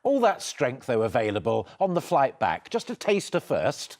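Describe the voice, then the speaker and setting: A man's voice: mid-range voice, wildly swooping pitch, normal speed, very noisy. A man anchoring a live TV news programme, upbeat and playful in a studio interview.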